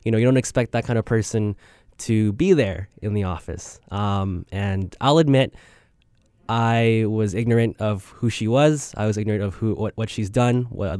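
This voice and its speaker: A man's voice: on the low side, a little mellow, clean tone, no echo, clean studio sound. Young man rambling through a podcast intro. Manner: rambling, self-deprecating, lots of ums. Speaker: student podcast host. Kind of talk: casual spoken intro.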